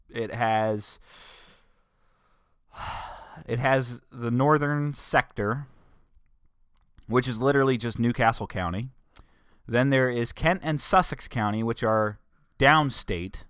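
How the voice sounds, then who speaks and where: A man's voice: on the low side, fairly bright tone, clean tone, dry recording, clean studio sound. A young man from northern Delaware hosting his own podcast, rambling in a casual chat with self-corrections and joking asides. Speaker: podcast host. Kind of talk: casual solo podcast monologue.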